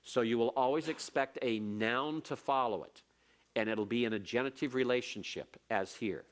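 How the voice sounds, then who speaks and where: A man's voice: medium pitch, moderate pace. Man teaching grammar in a patient lecture. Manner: patient, explains step by step with repetition. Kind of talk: classroom lecture.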